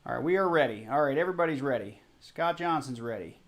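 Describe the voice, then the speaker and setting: A man's voice: mid-range voice, expressive, quick pace. A man hosting a casual live stream, chatty and a bit flustered, apologizing as he goes. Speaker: livestream host.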